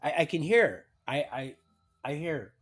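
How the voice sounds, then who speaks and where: A man with a slightly high, somewhat rough voice speaks a little slowly, his pitch swinging widely. On a livestream, he rambles through a personal story full of restarts and trailing sentences, reading documents aloud and tossing in wry asides.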